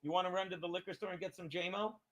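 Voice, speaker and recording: A middle-aged man hosting his own show, ranting in a loud, profane, excitable comedic monologue. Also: high voice, racing. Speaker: podcast host.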